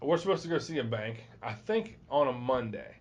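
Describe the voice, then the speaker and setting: A man's voice: mid-range voice, animated, moderate pace, a little hiss or hum. A man hosting a podcast, telling a story in a casual, profane way and acting out what people said. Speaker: podcast host. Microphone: phone. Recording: dull lo-fi phone recording.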